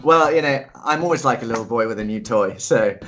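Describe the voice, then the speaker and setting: Enthusiastic male guest, muffled audio. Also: medium pitch. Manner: enthusiastic, animated. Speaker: interview guest, paraglider pilot. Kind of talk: casual interview chat.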